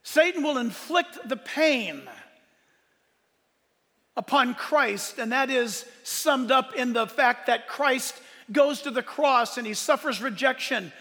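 A man preaching a sermon as a pastor, emphatic, asking rhetorical questions, with loud bursts of emphasis. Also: extremely high pitch, in a large hall.

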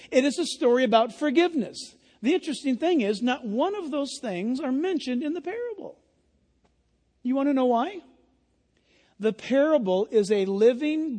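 A man pastor preaching an impassioned sermon, often yelling and emphatic. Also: extremely high pitch, long reverb tail.

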